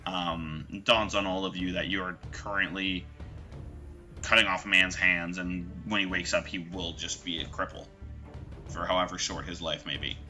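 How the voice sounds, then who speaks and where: A man from Canada narrating a tabletop game as game master over a video call, relaxed and hesitant, with many pauses and ums. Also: sits low, soft background music.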